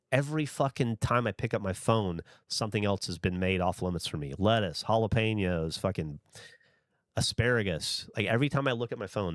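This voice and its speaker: Deep-voiced man chatting on a livestream. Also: dry recording, studio quality. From Southern United States. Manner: rambling and conversational, with frequent casual swearing. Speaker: livestream host. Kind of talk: casual livestream chat, answering viewer comments.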